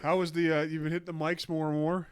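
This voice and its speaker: A man co-hosting a casual podcast, telling stories in a rambling, halting, deadpan way. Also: fairly high pitch, slight background noise. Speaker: podcast co-host.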